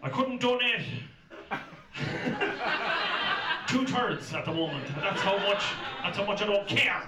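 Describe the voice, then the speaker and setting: Irish stand-up guy, high lively voice, booming around a big roomy club, mic kinda far off. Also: slow. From west of Ireland. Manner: loud animated storytelling with voiced impressions. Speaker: stand-up comedian. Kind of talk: stand-up routine. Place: comedy club stage. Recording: roomy live club recording from far off with loud noise.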